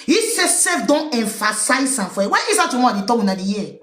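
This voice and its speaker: Cameroonian woman hosting a livestream, animated, high voice, echoey room. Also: fairly quick. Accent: Cameroonian Pidgin English. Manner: animated, fires rhetorical questions at listeners. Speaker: livestream host. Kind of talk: casual political commentary.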